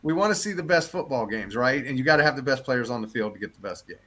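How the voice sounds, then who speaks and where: A man's voice: medium pitch, expressive, quick pace, bright, forceful tone, husky. A man on a casual sports podcast, earnest and talking his points through. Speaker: podcast co-host.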